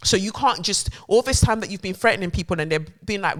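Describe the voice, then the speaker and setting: A woman, hosting a podcast, reading headlines aloud and riffing on them in a sarcastic, animated rant with plenty of swearing. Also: lowish voice, brisk. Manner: reads headlines aloud then riffs on them. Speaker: podcast host. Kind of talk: ranting news commentary.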